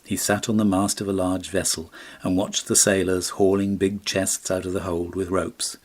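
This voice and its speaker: A man narrating a classic storybook in a measured, expressive reading. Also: low voice. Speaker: audiobook narrator.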